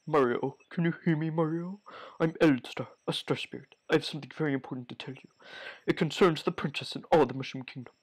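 A man doing a hushed solemn star spirit. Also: on the high side, quick pace, husky. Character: solemn, weak old male star spirit.

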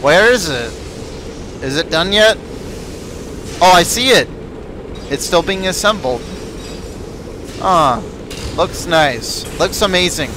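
A man's voice: on the high side, animated, takes it slowly, pauses often, background noise. A man giving let's play commentary, chatting to game characters and yelping when chased. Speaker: gaming video creator.

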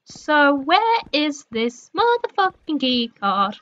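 A young woman with a high, bright voice talks through a horror game, cursing and jumping from scared yelps to grumbling mutters. The sound is a little dull, with a faint hiss behind her. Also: sing-song, slow pace. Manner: jumpy, sweary, swinging between shrieks and mutters. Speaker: gaming streamer.

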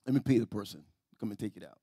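A man pastor preaching a sermon in a church, telling stories, often repeating and restarting words, and swinging between soft and loud. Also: fairly low pitch, very fast, slightly rough, no echo, clean studio sound. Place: church sanctuary.

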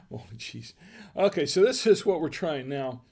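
A man's voice: a little high, animated, unhurried, creaky, a little mellow. A man hosting a casual wine tasting livestream, musing aloud in a hesitant, chatty way. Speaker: wine review show host.

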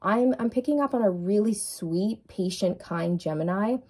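Warm, mellow-voiced woman reading tarot. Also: medium pitch, moderate pace, husky. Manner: soothing, affirming, repetitive. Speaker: tarot reader. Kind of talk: tarot card reading to viewers.

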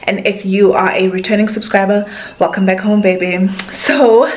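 A woman's voice: mid-range voice, fairly even intonation, normal speed, a little mellow. A young South African woman in her twenties talks straight to her camera in a loose, unscripted vlog. She gushes and runs on emotionally, leaning on filler words as she goes. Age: 20s. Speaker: vlogger. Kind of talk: casual talking-to-camera vlog.

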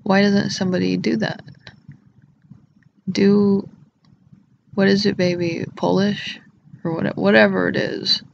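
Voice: mid-range voice, little pitch movement, a little slow, vocal fry, pauses often, dull audio, slight background noise. A vlogger rambling in an erratic, giggly way, cracking crude jokes to the camera. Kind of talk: rambling solo vlog talk.

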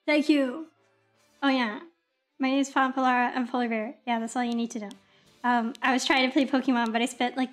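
Young woman streamer, really high voice, rambly and excitable, faint music behind. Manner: rambling and excitable, many filler words. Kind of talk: casual livestream chat.

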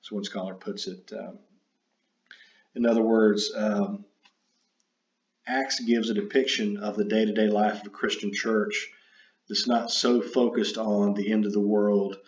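A man giving an unscripted lecture, halting and full of fillers and self-corrections. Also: on the low side, flat delivery. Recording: dull roomy recording.

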